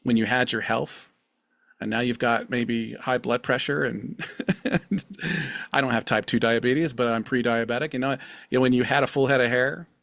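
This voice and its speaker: A man's voice: mid-range voice, fairly even intonation, normal speed, vocal fry, fairly bright tone, no room sound. A middle-aged man hosting a solo podcast, talking in an earnest, confessional way and often repeating his phrases. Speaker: podcast host. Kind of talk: reflective solo podcast monologue.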